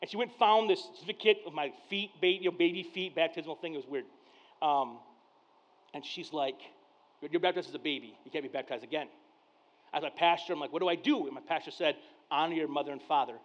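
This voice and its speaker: A man with a rather high voice preaching from the pulpit in a chatty, storytelling way. He acts out the conversations, goes quiet and then suddenly loud. The sound is muffled and lo-fi. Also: quick pace. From Mexican heritage. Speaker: pastor. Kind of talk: sermon with personal stories. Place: church service. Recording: dull lo-fi sound.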